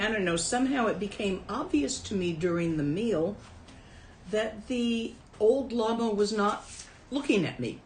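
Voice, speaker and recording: A woman's voice: on the low side, roomy sound, slight background noise, rough recording. Wry woman telling a dharma story. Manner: casual, wry anecdotal telling. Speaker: Buddhist teacher and Tibetan translator.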